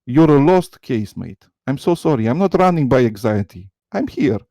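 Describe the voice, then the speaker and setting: A man debating in English as a second language, excited and stammering, repeating words as he argues. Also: mid-range voice, moderate pace, gravelly, no room sound. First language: not English. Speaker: debate guest. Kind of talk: live online debate.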